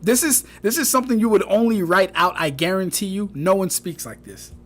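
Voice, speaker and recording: A young man with a high voice gives loose, profane livestream commentary. He picks apart what he reads with mocking disbelief, repeats himself for effect and keeps breaking into laughter. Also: lively intonation, a little fast. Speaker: streamer reviewing fan debates.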